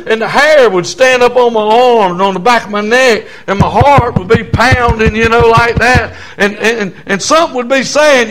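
An older man, a pastor preaching a sermon in a folksy way, with loud shouted passages and quiet asides. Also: very high voice, normal speed, few pauses.

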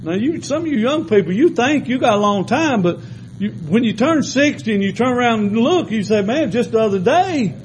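A man preaching a sermon in a folksy storytelling way, shifting between loud exhortation and quiet asides. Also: very high voice, expressive, brisk, slight background noise, rough recording.

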